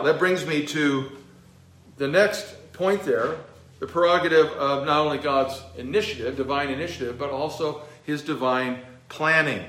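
Man, pastor, expository sermon, slightly high voice, roomy church echo. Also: a bit bright. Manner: teaching verse by verse, emphatic, with fillers.

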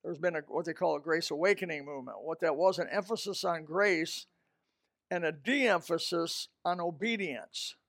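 High gravelly preacher, close and dry. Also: male voice, moderate pace, dry recording. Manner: emphatic, swings from loud outbursts to low asides. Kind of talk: sermon.

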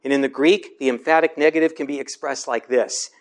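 A man preaching a sermon in a measured, explanatory way, slowing down to stress scripture. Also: medium pitch, steady tone. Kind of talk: sermon teaching.

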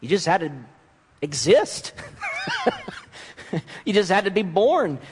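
Man preaching a lively sermon in a reverberant hall. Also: high-pitched, moderate pace, breathy edge. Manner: animated, acts out voices of mocking nations and God.

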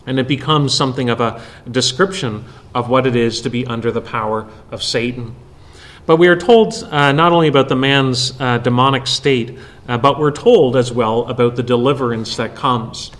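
A man preaching an expository sermon, explaining a Bible passage verse by verse with frequent pauses. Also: medium pitch, a bit bright.

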